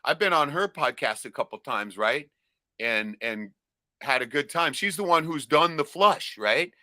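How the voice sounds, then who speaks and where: Bright, profane rambling storyteller man. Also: fairly high pitch, animated, measured pace, no echo. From Alaska. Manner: profane, rambling storyteller with loud acted-out shouts. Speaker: podcast co-host. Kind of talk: casual podcast chat.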